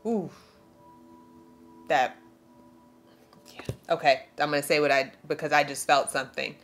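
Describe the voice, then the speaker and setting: A woman's voice: low voice, fairly even intonation, measured pace, soft background music. Emphatic woman giving a spiritual tarot reading. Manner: emphatic, preachy, slangy, reads aloud from a card book. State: tearful. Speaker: tarot reader.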